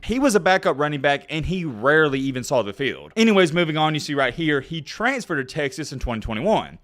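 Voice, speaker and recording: A young man hosting his own video channel, talking excitedly about college football and swinging between shouting bursts and calmer explanation. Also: a little high. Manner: animated, bursts into shouting then calms down. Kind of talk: excited vlog commentary.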